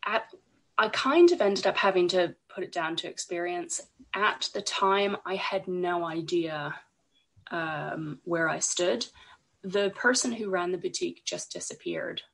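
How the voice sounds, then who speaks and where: A woman, croaky from a cold, talking as a podcast guest, hesitant, with many ums and restarts. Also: fairly low pitch, unhurried, a bit bright. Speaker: podcast guest, illustrator and designer. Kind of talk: casual interview talk.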